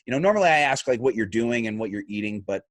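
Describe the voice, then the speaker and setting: A man hosting a casual podcast, his voice swinging high and low as he tells a wild story with plenty of swearing. The sound is dry and close, with no room echo. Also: fast talker. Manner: lively, swears freely, acts out quotes. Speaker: podcast host. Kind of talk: casual chat, animated storytelling.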